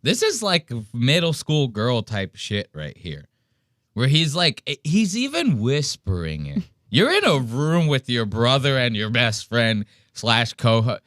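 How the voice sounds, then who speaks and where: A man hosting a podcast, mocking a clip with profane, animated reaction commentary. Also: medium pitch, unhurried, no echo, studio quality. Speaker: podcast host.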